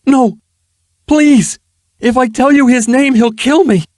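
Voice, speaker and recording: A man voicing a terrified, cowardly male ruffian who pleads in a shrill, desperate voice in a fantasy audiobook. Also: lively intonation, moderate pace, no room sound, studio quality. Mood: panicked pleading.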